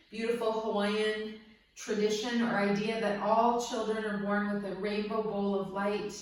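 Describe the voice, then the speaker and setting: A woman teaching a guided yoga class, cueing breaths and poses gently and cheerfully, often laughing. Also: mid-range voice. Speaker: yoga instructor. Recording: very echoey room, mic far off.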